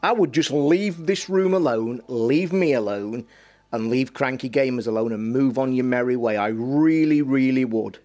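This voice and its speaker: A middle-aged man with an East Midlands accent talks live to his viewers in a blunt, sweary way. His voice sits at an ordinary pitch for a man, and he flares up quickly when pushed. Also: warm tone. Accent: East Midlands English. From England. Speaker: live streamer. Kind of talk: casual live-stream chat.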